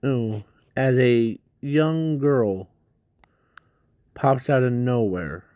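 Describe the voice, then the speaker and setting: A man slowly narrating an improvised fan story, halting often with restarts and fillers. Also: mid-range voice, warm tone, clear, resonant tone, no echo.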